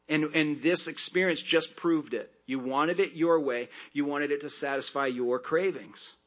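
Conversational preacher man, slightly high voice. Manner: conversational, with quick jokes and asides. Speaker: pastor. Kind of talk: expository sermon with scripture reading.

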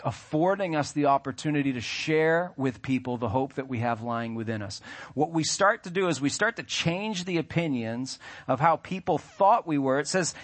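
A man preaching to his congregation in a relaxed, conversational way. He drifts into everyday stories and pokes gentle fun at himself, in a voice of middling pitch. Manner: conversational, storytelling with self-deprecating asides. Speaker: pastor. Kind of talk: sermon. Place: church sanctuary.

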